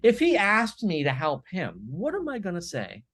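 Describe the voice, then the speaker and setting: On a podcast, a business speaker tells business stories with energy and emphasis, repeatedly tagging lines with "right?" His voice is high and his speed normal, in a dry recording.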